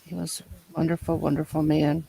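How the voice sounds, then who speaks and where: A man telling a long personal story in casual chat, rambling and halting as he loops back over his points. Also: a little high, flat delivery, gravelly, mellow, slightly rough, low-quality recording. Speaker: storyteller in a conversation.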